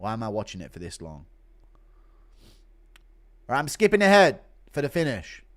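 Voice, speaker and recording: A male streamer giving loud, profane play-by-play while he reacts to a fight and reads chat. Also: mid-range voice, moderate pace. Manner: excitable, profane, loud bursts. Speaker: streamer host.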